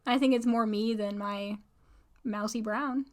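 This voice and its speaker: A woman's voice: on the high side, fairly even intonation, unhurried. A woman from the Midwest co-hosting a casual podcast, agreeable and giggly, often answering briefly. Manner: agreeable, short replies, giggly. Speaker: podcast co-host.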